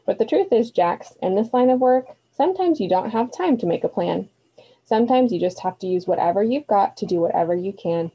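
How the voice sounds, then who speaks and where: Brisk older woman mentor, read aloud by a woman, mellow and a bit breathy, lo-fi. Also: medium pitch, expressive. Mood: storytelling. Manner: brisk, commanding.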